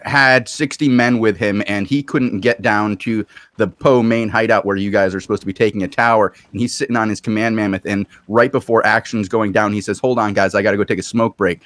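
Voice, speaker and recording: A man hosting a casual chat, telling an animated story from an online game. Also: lowish voice, brisk, dry recording.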